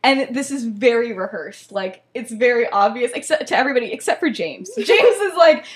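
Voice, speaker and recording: Giggly higher-voiced woman podcaster. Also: lively intonation, brisk. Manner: giggly, lots of "like" and "um". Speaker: podcast co-host. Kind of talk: casual storytelling chat.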